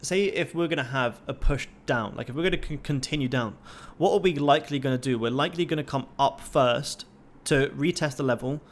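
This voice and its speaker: A man's voice: mid-range voice, a little fast, few pauses. A young man hosting a trading livestream, talking casually and swearing constantly in a pumped-up, motivational way.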